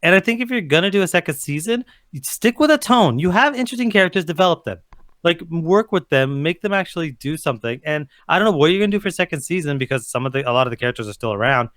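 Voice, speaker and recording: A man talks quickly, his voice rising and falling all over, in a rambling, emphatic style packed with fillers. The sound is dry and close, with no room to it. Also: fairly high pitch, lively intonation, fairly bright tone, no room sound. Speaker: co-host, TV reviewer. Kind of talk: casual podcast chat.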